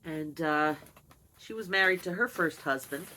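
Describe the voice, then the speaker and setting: A woman's voice: sits low, a little slow, pushed and bright, slight background noise, low-quality recording. A middle-aged woman vlogger telling a candid personal story to camera in a chatty, wry way. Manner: chatty, wry, talks to her cat between stories. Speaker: video blogger.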